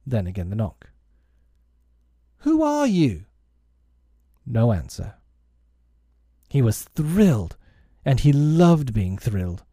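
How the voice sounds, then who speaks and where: Brief: male audiobook narrator, expressive, warm low timbre, dry close sound. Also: a little slow, breathy edge, no room sound. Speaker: audiobook reader. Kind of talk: storybook narration.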